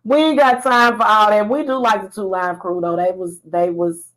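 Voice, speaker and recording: Woman for an animated solo vlog, sassy and defiant, mid-pitched voice, laughs often. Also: moderate pace, low-quality recording. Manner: animated, laughing, singing snatches of a chorus. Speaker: spiritual vlogger. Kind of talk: casual livestream chat.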